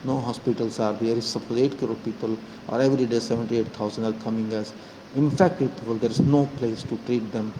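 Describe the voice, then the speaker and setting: A man with an Indian accent giving a heated, accusing political monologue, switching between Hindi and English, repeating himself, with sudden loud peaks and low asides. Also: fairly even intonation, brisk, background noise. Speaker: channel host giving commentary.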